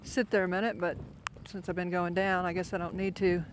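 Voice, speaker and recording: A man's voice: sits high, flat delivery, a little fast, slight background noise. An older man from Florida, chatting casually and poking fun at himself while he walks a foggy mountain trail, talking into a handheld phone camera. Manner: chatty, self-mocking, rambling. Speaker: hiker vlogger. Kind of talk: casual vlog while hiking.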